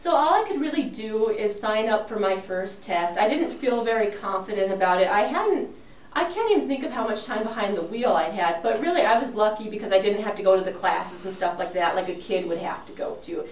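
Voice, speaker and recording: Animated woman storyteller, distant in a roomy space. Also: medium pitch, a little fast. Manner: animated, self-mocking, acts out quoted lines. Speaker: speaker telling a personal story. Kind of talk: humorous personal storytelling to listeners. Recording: roomy, distant, dull recording with faint hiss.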